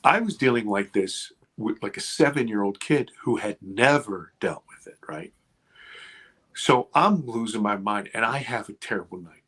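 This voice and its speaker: A man in his fifties, a podcast guest and producer, telling an intense personal story with swearing and animated retelling. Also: fairly low pitch, moderate pace, breathy edge. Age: 50s. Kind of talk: emotional storytelling in conversation.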